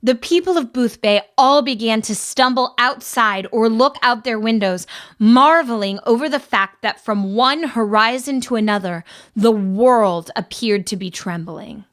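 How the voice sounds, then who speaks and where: A woman's voice: fairly high pitch, unhurried, fairly bright tone. Woman reading a fantasy audiobook. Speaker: audiobook narrator. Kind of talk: scripted narration.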